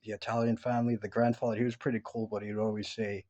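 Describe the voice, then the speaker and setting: A man's voice: medium pitch, brisk, few pauses, a little mellow, lo-fi sound. Rambling man telling stories at home. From upstate New York, USA. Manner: rambling, many restarts and fillers. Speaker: vlogger. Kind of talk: casual personal monologue. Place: at home, indoors.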